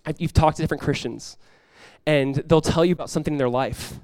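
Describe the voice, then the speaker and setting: Pastor guy preaching, talks fast, kinda high voice, goes all quiet acting out prayers. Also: no room sound, clean studio sound. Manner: conversational, acts out prayers in a hushed voice. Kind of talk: sermon.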